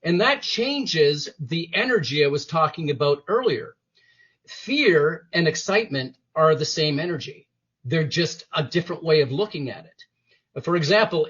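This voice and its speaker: A man with a husky, fairly high voice speaks in a motivational interview. His pitch swings widely as he acts out inner voices and quotes. The sound is dull and lo-fi. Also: fairly bright tone. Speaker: interview guest, former police detective.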